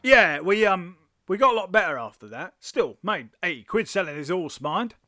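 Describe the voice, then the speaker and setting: A man playing a cocky, cheeky highwayman telling his story in a comedy sketch. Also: lively intonation, normal speed, bright, forceful tone, dry recording, studio quality. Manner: boastful, cheeky. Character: cocky roguish male highwayman.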